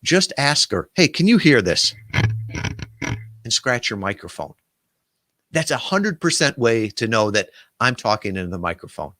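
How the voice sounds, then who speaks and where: A man who runs a podcast guest agency, telling a story and giving casual advice with lively, filler-filled delivery. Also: fairly low pitch, normal speed, no echo, clean studio sound. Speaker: podcast booking agency owner.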